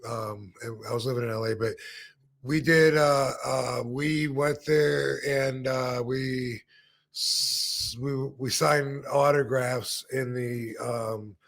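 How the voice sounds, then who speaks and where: A man hosts a podcast and drifts through a long, casual anecdote. He wanders, restarts, and swears freely. His voice sits at an ordinary pitch for a man. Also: steady tone, slow, gravelly, fairly bright tone. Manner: laid-back, rambling with fillers and profanity. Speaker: podcast host. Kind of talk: casual storytelling.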